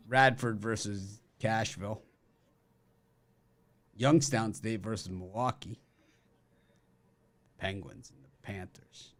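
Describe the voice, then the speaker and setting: A man's voice: on the low side, fairly even intonation, takes it slowly, pauses often. A man hosting a sports betting show, rattling off college matchups and cracking dry jokes between them. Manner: joking, rattles off matchups with wisecracks. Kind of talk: casual sports betting chat.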